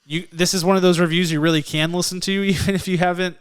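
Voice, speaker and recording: A man co-hosting a movie review podcast in a casual, relaxed style, laughing often and poking fun at himself. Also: sits high, fast talker, clean tone. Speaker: podcast co-host.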